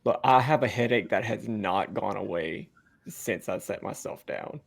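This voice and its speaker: A nervous young college student from Louisiana, played by a man, stammering through every sentence. His voice is low and gravelly with plenty of fry, and he sounds hesitant and unsure of himself. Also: normal speed.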